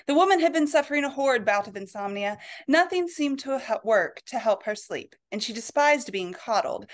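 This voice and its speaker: A woman author reading her own historical romance aloud in a lively, expressive storytelling voice. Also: fairly high pitch. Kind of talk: storybook narration.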